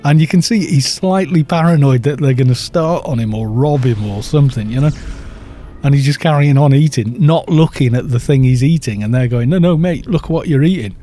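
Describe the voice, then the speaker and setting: A man with a mellow, darker voice talks through a live game stream, drifting from game remarks into long, chatty stories. His delivery is loose and rambling, with faint music playing behind him. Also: mid-range voice, a little fast. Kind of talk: casual live-stream chat while gaming.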